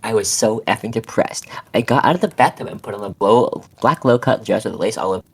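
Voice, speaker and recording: Husky giggly man reading aloud. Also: lowish voice, fairly quick. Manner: giggly, reads with frequent laughing breaks and stumbles. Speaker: co-host reading a fanfic aloud. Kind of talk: casual reading and chat.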